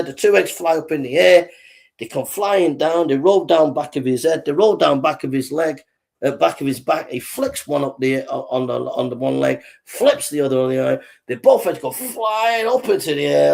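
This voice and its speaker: A man's voice: fairly high pitch, vocal fry, a little mellow. A man telling jokes in a rambling way as a podcast host, laughing at his own punchlines. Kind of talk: joke telling.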